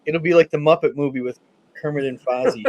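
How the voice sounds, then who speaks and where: A man's voice: fairly high pitch, fairly even intonation, quick pace, darkish tone, no echo, lo-fi sound. A man in a casual podcast chat, speaking hesitantly with many fillers.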